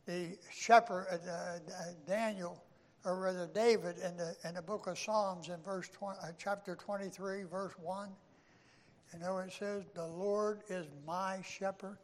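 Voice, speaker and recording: An older male preacher delivers a sermon at a slow, deliberate pace, his voice pitched high for a man. He stumbles and restarts often, then swells with emphasis on key words. His voice rings with the long reverb of a church hall. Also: steady tone. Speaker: pastor.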